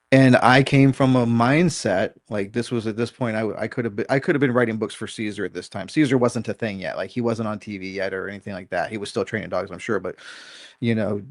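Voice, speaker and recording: A man's voice: on the low side, no room sound, clean studio sound. A middle-aged man, a dog trainer and guest, telling a story in a candid, self-critical way and swearing casually.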